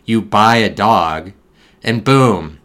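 Low-voiced man musing deadpan. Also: slow. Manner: meandering, deadpan absurd tangents. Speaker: podcast host. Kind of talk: rambling solo podcast musing.

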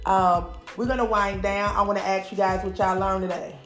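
Woman, live stream host, lively, roomy sound, faint music. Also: medium pitch. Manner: lively, hypes viewers, drawn-out calls. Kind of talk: casual live stream chat.

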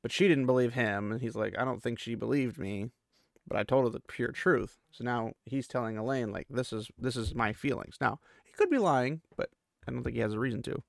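A man's voice: mid-range voice, a little fast, vocal fry, no echo, clean studio sound. A male podcast host giving a casual, rambling recap of a book chapter, full of fillers and asides. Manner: rambling and chatty, with many fillers.

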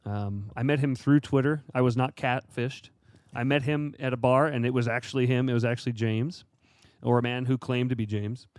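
A man co-hosting a casual podcast, chatty and quick to laugh, with lots of fillers. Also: medium pitch, fairly even intonation, a little mellow, no echo, clean studio sound. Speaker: podcast co-host. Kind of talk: casual chat.

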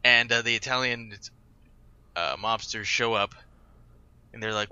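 A man's voice: fairly low pitch, fairly even intonation, unhurried, pushed and bright, clear, resonant tone, muffled recording. A man co-hosting a casual movie review chat who drops wisecracking asides. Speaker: podcast co-host.

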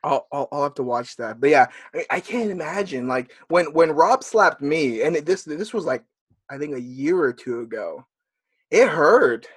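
A man hosting a casual podcast chat, speaking in a relaxed way with sighs and frequent restarts. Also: on the high side, moderate pace, breathy edge, no echo. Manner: relaxed, lots of sighs and repeated words.

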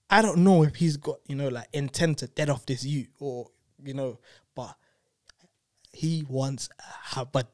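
His voice is mid-range, captured cleanly in a studio with no room sound. A young man, he's a guest telling a personal story in lively casual chat, peppering it with tag questions such as "innit" and "you know what I'm saying."

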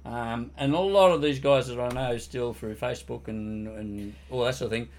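A man's voice: medium pitch, normal speed, a little mellow. An older man telling army stories in casual podcast chat, swearing freely and laughing through his punchlines.

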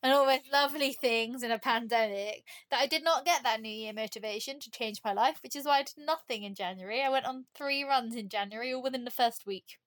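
A woman's voice: fairly high pitch, a little fast, few pauses, fairly bright tone. A woman chatting as a podcast guest, telling rambling stories and laughing often. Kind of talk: casual chat.

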